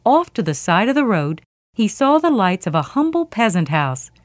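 Expressive woman storyteller. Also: mid-range voice, moderate pace, dry recording, studio quality. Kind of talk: reading a myth aloud.

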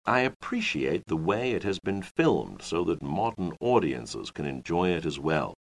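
A man's voice: low voice, sing-song, gravelly, heavily acted. A man playing a reflective old playwright. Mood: reminiscing. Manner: measured, reflective first-person reminiscing. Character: older male Elizabethan playwright looking back. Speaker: playwright persona in a listening exercise. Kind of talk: scripted listening exercise, repeated lines.

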